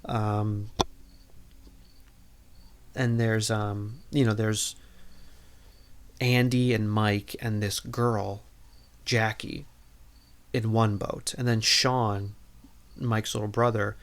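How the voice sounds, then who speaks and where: A man with a fairly low voice hosts a podcast and recaps a movie in a loose, casual way. He rambles along, packing his sentences with "like" and "you know". His tone stays jokey and irreverent. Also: level tone, slow, long pauses. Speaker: podcast host.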